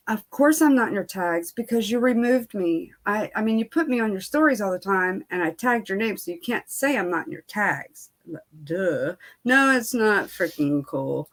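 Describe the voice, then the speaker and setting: A woman's voice: mid-range voice, animated, normal speed, fairly bright tone. A woman beauty vlogger telling a storytime in casual chat, candid and venting, with lots of fillers and quoted back-and-forth.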